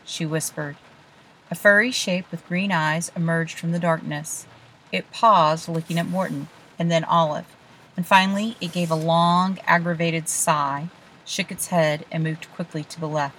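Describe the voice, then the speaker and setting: Low-voiced woman reading a story aloud. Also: fairly even intonation, unhurried, a little hiss or hum, rough recording. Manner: hushed, suspenseful storytelling. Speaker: narrator.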